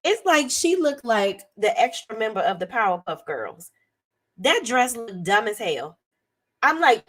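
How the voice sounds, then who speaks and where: A hoarse woman giving a blunt, sassy, profane commentary as a reality TV reviewer. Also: on the high side, sing-song, measured pace. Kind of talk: casual commentary.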